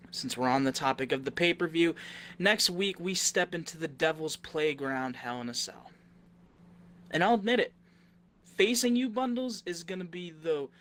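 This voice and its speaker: A man delivering a wrestling roleplay promo, measured and deliberate, turning to angry threats. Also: on the high side, fairly bright tone, a little hiss or hum.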